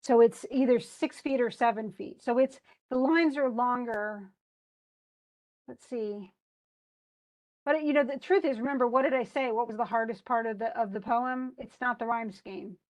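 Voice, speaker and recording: Middle-aged woman, classroom teacher, slightly high voice, chatty, thinks aloud. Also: normal speed, a little mellow. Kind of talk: classroom lesson on poetry meter.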